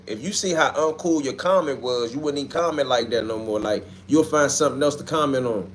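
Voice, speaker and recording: A man hosting a casual livestream, reading out viewer comments and answering them with loud, animated trash talk. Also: mid-range voice, fast, few pauses, a little hiss or hum. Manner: trash-talking, animated, street slang. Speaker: livestream host.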